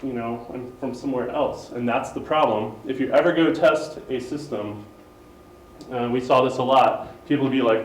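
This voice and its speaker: A man's voice: medium pitch, normal speed, a little hiss or hum. An American man giving a casual technical talk at a meetup, conversational and full of ums and asides, recorded from a distant microphone. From United States. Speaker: presenter at a tech meetup. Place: meeting room, live-streamed. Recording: roomy and distant with faint room ambience.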